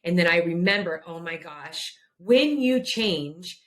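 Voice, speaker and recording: Animated woman telling a story. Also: on the low side, a little slow. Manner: animated, emphatic, laughs while recounting. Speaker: podcast host. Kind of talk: casual storytelling.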